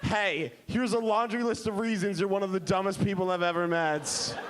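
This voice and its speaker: A man voicing a blunt young woman ending a relationship, flat and offhand. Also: mid-range voice, normal speed, natural voice. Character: blunt young woman dumping her boyfriend. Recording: noisy comedy club recording.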